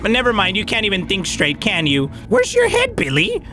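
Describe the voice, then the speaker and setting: A man's voice: high-pitched, wildly swooping pitch, brisk, over music. A man voicing a crude, scolding female schoolteacher in a mock-lecturing tone.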